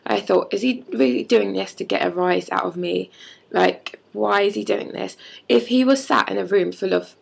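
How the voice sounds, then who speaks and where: Young woman, heavy vocal fry, breathy husky tone, heated casual vlog rant. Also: mid-range voice, steady tone, moderate pace. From London. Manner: heated, frequent "like" fillers. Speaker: vlogger.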